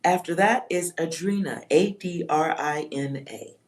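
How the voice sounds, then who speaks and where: Speaking in a lowish, unhurried voice, a livestream psychic reader works through a reading for her chat. She muses as she goes, reading words aloud, spelling some and dropping the odd offhand swear.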